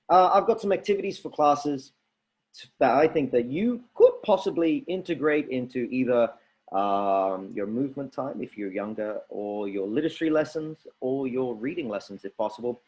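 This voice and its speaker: Lively man coaching teachers in drama. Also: medium pitch, normal speed. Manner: lively, coaching, demonstrates vocal drills. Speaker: workshop presenter for teachers. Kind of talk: leading a drama teaching workshop.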